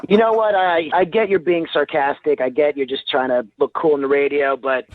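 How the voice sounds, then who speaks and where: A man's voice: on the high side, steady tone, brisk, crowd noise. A man calling in to a radio show, boastful and cocky. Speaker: caller. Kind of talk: radio phone call. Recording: phone line.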